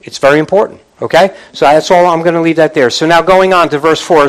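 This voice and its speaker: Preaching man with halting restarts. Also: steady tone, poor audio. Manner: call-and-response preaching, rising in pitch and volume when fired up; halting restarts and repeated words. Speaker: pastor. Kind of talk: sermon.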